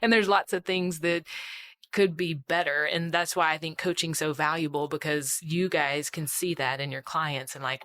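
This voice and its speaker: A woman who owns a clinic, speaking as a panel guest in a brisk, practical way and laughing between points. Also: sits low, fairly bright tone, dry recording. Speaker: clinic owner and healthcare executive. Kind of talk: casual panel chat.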